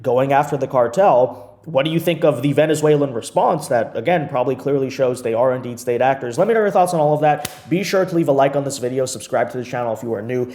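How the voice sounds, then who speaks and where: A man's voice: mid-range voice, fast talker, hardly any pauses, darkish tone. A man hosting a political commentary video, talking in an emphatic, repetitive, mocking way.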